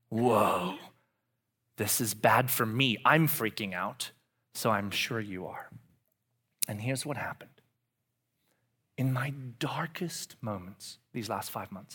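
A man in his forties giving a confessional sermon as pastor, dropping to hushed whispers and rising to loud animated outbursts. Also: medium pitch. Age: 40s.

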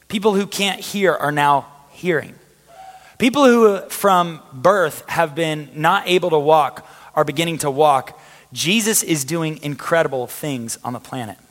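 A man preaching a conversational sermon to a live congregation, with energetic restarts and a voice going hoarse. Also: on the high side. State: losing his voice. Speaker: pastor. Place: church hall with a live audience. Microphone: handheld or stage mic. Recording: long hall reverb.

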